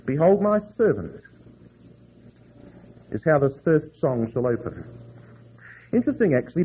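Male preacher, husky, fairly high voice, slow emphatic scripture reading, dull lo-fi sound. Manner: reads scripture slowly with heavy emphasis. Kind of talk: sermon.

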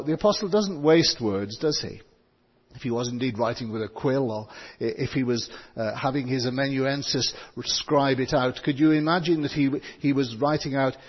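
A man preaching a sermon, reading scripture and slowing down to stress key words. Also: medium pitch, husky. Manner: stresses words, slows for emphasis. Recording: dull sound with long hall reverb.

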